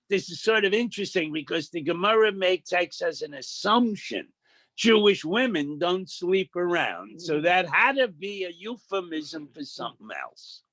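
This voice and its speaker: A middle-aged man teaching a daily Talmud page, reading Aramaic slowly, then explaining it in casual with quips and asides. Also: a little high, a bit bright, no room sound. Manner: plain-spoken, quips and asides. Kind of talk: daf yomi Talmud lesson.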